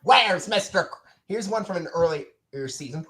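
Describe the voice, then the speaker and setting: A woman chatting on a stream, introducing clips in an unhurried way. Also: on the low side, lively intonation, a bit bright. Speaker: stream guest. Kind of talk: casual chat.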